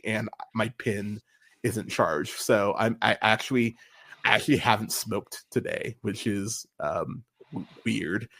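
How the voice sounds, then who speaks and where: A man's voice: mid-range voice, fairly bright tone. A young man from the US hosting a podcast livestream, chatting casually and rambling with lots of fillers and swearing. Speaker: podcast host.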